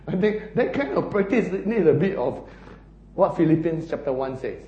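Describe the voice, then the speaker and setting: A man preaches with a high, lively voice that swings wide in pitch. He acts out the scenes and laughs along the way. The sound carries the ring of an echoey hall. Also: normal speed, highs cut off. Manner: animated, laughing, acting out scenes. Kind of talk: sermon.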